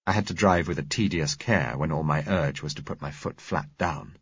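A man reading a first-person story aloud in a measured, steady narration. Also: very deep voice, breathy edge, no room sound, dull audio. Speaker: audiobook narrator.

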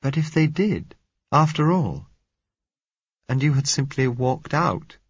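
A man reading the part of a quiet young woman under twenty, speaking a little unsteadily. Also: medium pitch, animated, slow, husky, no room sound, voice pushed up, heavily acted. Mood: urgent pleading. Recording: dull lo-fi recording.

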